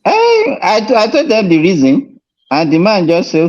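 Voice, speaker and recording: Male doctor, lively storyteller, dull line. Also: high-pitched, measured pace. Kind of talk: telling a personal story in a debate.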